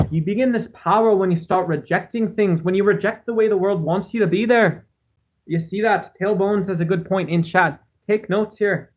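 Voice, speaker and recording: A man's voice: high voice, normal speed. A man hosting a casual livestream, reading chat aloud and rambling through musings in a self-deprecating way on a cheap home microphone. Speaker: livestream host.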